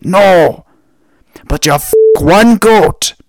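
A man voicing a bitter old Scottish man in a pub, ranting loudly and indignantly. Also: high voice, extremely slow, pitched above the performer's own voice.

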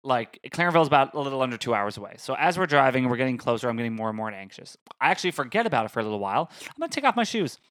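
A man's voice: mid-range voice, very fast, hardly any pauses. A young man, animatedly telling a story in casual podcast chat and laughing along. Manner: animated, laughs through his own story.

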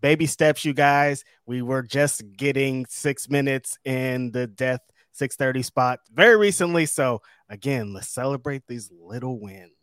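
A man co-hosting a casual wrestling podcast, speaking in a laid-back, measured way with dry humor. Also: medium pitch, a bit bright, no echo. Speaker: podcast co-host.

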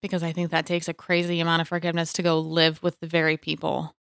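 A woman's voice: deep voice, completely flat delivery, fast talker, vocal fry, a bit bright, clear, resonant tone, no echo, clean studio sound. A young adult woman hosting a casual faith podcast, talking in an earnest, chatty way with many fillers. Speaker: podcast host.

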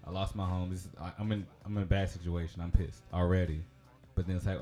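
Guy telling a long story, low mellow voice, um and like everywhere, faint music under it. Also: flat delivery, fast talker, hardly any pauses. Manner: rambling, chatty, laughs often, lots of fillers. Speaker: podcast host. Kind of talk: casual storytelling.

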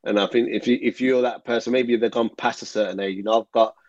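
A man's voice: mid-range voice, steady tone, fast, a little mellow, no room sound. A man, a former footballer speaking as an interview guest, earnest and rambling with many fillers. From England. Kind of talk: reflective interview talk. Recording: dull, dry audio.

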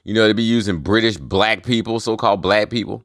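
A man hosts his own solo rant show, heated and full of profanity as he lays out conspiracies. His voice sits on the low side. The sound is dry, with no room around it. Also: brisk, a bit bright, no echo. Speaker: host.

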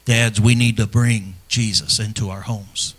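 Middle-aged pastor preaching with swelling emphasis. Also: male voice, lowish voice, steady tone, measured pace. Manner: dynamic delivery, swinging from loud emphasis to hushed near-whispers; earnest and personal, speaking to fathers. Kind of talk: sermon.

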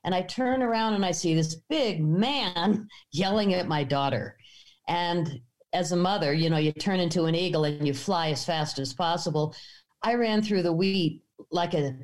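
A middle-aged American woman telling a personal story in a lively way, acting out the voices of the people in it. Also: on the low side, moderate pace. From United States. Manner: animated, acts out quotes.

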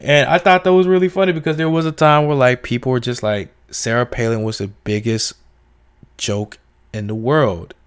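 A young man giving a casual, slangy spoken book review, acting out quoted lines in raised, animated voices. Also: mid-range voice, moderate pace, clear, resonant tone. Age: young adult.

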